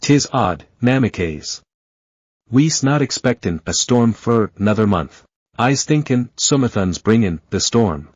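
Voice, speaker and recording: A man voicing a burly, gruff ship captain with a coarse accent and a booming, bellowing delivery. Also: expressive, measured pace, no room sound, highs cut off. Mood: grumbling.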